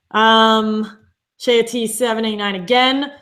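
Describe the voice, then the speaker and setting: A woman's voice: fairly high pitch, a bit bright. A young woman co-hosting a casual live podcast, chatty and agreeable, with frequent fillers. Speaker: co-host of a reality show podcast. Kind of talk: casual live-stream chat.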